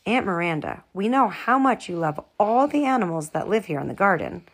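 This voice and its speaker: A woman's voice: mid-range voice, sing-song, fairly quick. A woman voicing a sweet, cheerful young girl. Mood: cheery.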